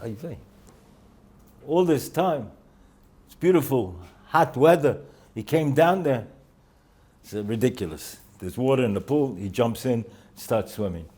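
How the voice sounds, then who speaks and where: An older man, a rosh yeshiva, giving a holiday talk to students, telling stories with dry humor and pausing often with "uh.". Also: medium pitch, lively intonation, mellow, slightly rough. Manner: halting, with frequent "uh" fillers. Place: yeshiva in Jerusalem.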